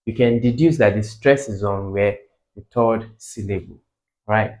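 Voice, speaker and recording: A man with a Nigerian English accent tutoring exam English, slowly repeating words to drill their pronunciation. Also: lowish voice, darkish tone, low-quality recording. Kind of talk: tutorial explanation.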